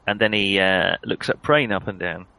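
A man's voice: low voice, moderate pace, pushed and bright, clean tone, no room sound, low-quality recording. Hesitant man narrating as game master. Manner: hesitant, many fillers and self-corrections.

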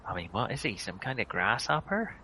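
A man voicing a hunched, wizened old male Cornish farmer with a gruff rural drawl that keeps slipping into other accents. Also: on the low side, very animated, fairly quick, sharp tone, slight background noise. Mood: grumbling.

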